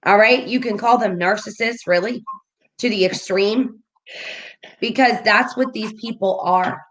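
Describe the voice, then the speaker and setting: A woman co-hosting a livestreamed morning show, with a mid-pitched voice. She lectures emphatically and often stops to check that listeners are following. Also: unhurried, a bit bright, poor audio. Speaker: co-host of an online morning show. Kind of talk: impassioned livestream talk.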